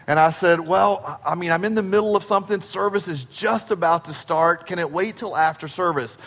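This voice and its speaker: High-voiced man preaching in a reverberant hall. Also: a little fast. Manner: storytelling, acts out dialogue with shifts in pace and loudness. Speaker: pastor. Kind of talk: sermon.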